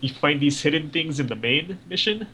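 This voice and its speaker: A man's voice: on the high side, animated, normal speed, pushed and bright, a little hiss or hum, rough recording. A man co-hosting a podcast, rambling casually about video games with lots of fillers and swearing. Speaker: podcast co-host. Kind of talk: casual gaming chat.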